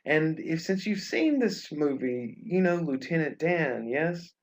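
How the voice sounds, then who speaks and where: A man's voice: on the high side, lively intonation, unhurried, rough recording. A young man from Alabama, an English teacher telling stories in a casual online class, chatty and full of fillers. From Alabama, USA. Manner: friendly, chatty, many fillers. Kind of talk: casual webinar storytelling.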